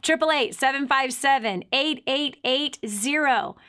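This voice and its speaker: Radio host, woman, passionate preacher-like delivery, bright tense tone, slightly high. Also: a little slow. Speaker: radio talk show host. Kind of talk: motivational radio talk.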